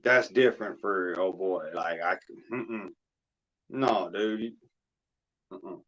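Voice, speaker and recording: A man hosting a chat panel on stream talks emotionally and rambles, cursing often, repeating himself and speaking with a drawl. His voice is low, slow and fairly bright, heard through a dull lo-fi mic.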